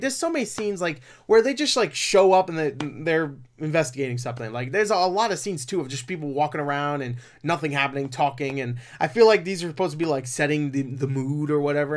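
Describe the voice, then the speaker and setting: A man giving a casual movie review, rambling with lots of fillers and profane, exasperated outbursts. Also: fairly high pitch.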